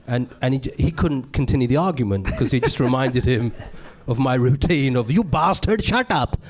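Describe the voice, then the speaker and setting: A man, a comedian talking casually in an interview and often slipping into loud put-on voices when quoting people. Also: medium pitch, moderate pace. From Britain. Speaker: comedian guest. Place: live podcast recording in a venue.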